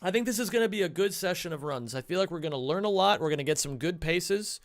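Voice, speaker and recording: A man streaming casually, chatting to his viewers in an excitable, rambling way and swearing a lot. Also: high voice, fast, no echo. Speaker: streamer and speedrunner. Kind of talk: casual live-stream chat.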